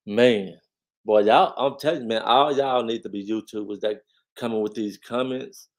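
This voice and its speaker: A man hosting a casual commentary, talking straight to his viewers and repeating phrases for emphasis. He stresses points by swinging his voice up and getting louder. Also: normal speed. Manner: lively swings in pitch and loudness when stressing a point. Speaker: commentary channel host. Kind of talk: casual commentary on online drama.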